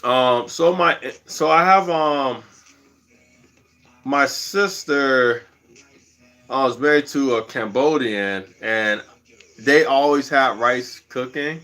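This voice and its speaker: A man's voice: mid-range voice, slow, long pauses, sharp tone. A man hosting a livestream in a slangy, rambling casual chat, laughing often. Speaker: livestream host.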